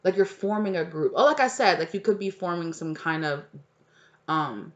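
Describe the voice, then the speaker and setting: A woman's voice: lowish voice, lively intonation, normal speed, dull audio. A woman giving a casual, rambling tarot reading at home, full of fillers and asides. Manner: rambling, filler-heavy, chatty. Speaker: tarot reader. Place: home with a cat.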